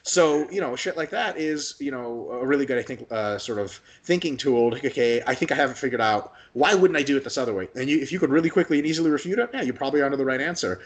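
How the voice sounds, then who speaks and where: A man rattles along at a quick clip in a casual podcast chat. He swears freely and acts out little imagined exchanges, jumping into other voices for a moment. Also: mid-range voice. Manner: fast, animated, profane, acts out imagined dialogues. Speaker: guest, hypertrophy coach.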